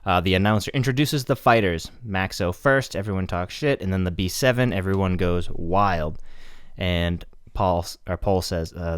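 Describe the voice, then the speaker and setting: Low-voiced man recapping a plot casually. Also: moderate pace, clean tone, no room sound, studio quality. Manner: recapping plot, laid-back, swears casually. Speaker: podcast host. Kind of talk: casual chat.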